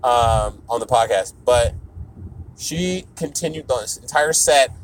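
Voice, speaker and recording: A man's voice: medium pitch, slow, slight background noise. A man who does stand-up, rambling through a profane podcast monologue while on the road, jumping into mock voices and scraps of broken French. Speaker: comedian.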